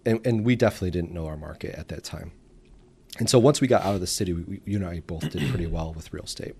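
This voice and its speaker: Around forty and from the Detroit suburbs of Michigan, a guest entrepreneur tells business stories in a casual interview. His deep, slightly rough voice runs fast, and he animatedly acts out the voices of the people he quotes.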